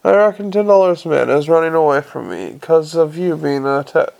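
A man doing a gruff, bossy coachman, gravelly. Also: fairly high pitch, animated, fairly quick, a little mellow, low-quality recording. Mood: scornful. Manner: bossy, coarse, mock-polite. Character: gruff blunt coachman, quick-witted man.

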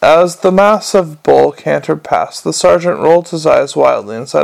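A man narrates a comic novel in a wry, measured way. His voice sits a little high for a man and has a gravelly edge. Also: a little mellow. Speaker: audiobook narrator. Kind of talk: scripted narration.

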